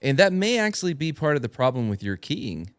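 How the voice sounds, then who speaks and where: A man on a livestream podcast panel, cracking deadpan jokes in casual chat. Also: fairly high pitch, brisk, no room sound.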